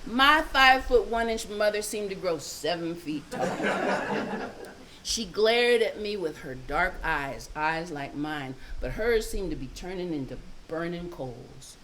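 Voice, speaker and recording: An older woman telling a family story live, expressive and laughing often. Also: fairly low pitch, unhurried, background noise.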